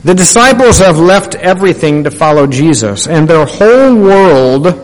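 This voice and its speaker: High-voiced preacher man in a reverberant hall. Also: big pitch swings, normal speed. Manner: emphatic, rising on key phrases, drops low at the ends of statements; addresses listeners with direct questions. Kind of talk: sermon.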